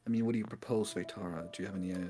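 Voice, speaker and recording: A man's voice: low-pitched, steady tone, racing. A man playing a tabletop game over an online call, talking casually and rambling with fillers. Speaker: player. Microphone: home mic on an online call. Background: background music.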